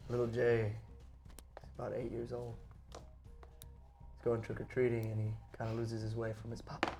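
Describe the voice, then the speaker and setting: An animated man narrating his character's memory at a tabletop game. He talks loosely with restarts and breaks into laughs. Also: medium pitch, normal speed, gravelly, music in the background. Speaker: player. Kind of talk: casual tabletop storytelling.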